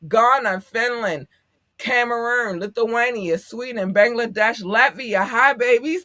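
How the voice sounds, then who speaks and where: A woman's voice: fairly high pitch, a little slow, pushed and bright, no room sound, clean studio sound. A woman co-hosting a podcast in casual chat, effusive and affectionate, laughing often as she talks to listeners. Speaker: podcast co-host.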